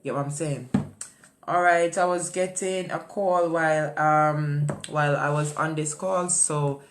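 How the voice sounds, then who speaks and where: A woman's voice: low-pitched, steady tone, measured pace, slight background noise. A woman hosting a call-in talk show, emphatic and repetitive, often laughing between her words. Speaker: radio call-in show host.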